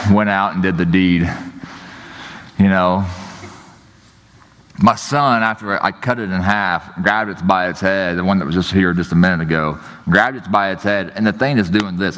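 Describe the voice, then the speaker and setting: A man's voice: low voice, fairly bright tone. A man preaching a sermon as pastor, telling stories in a casual, joking way and often saying "you know, like". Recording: long hall reverb.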